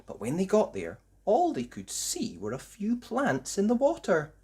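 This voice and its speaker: A man reading a children's picture book aloud, narrating slowly and expressively for young listeners. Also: high voice, slightly rough. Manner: slow, expressive storytelling. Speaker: storybook reader.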